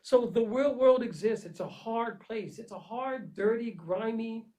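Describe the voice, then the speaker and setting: A man delivering an emphatic, repetitive motivational monologue, swinging between loud urging and low, intense asides. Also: measured pace, poor audio. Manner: preachy, earnest pep talk with frequent "man" and "okay". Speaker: vlogger giving life advice.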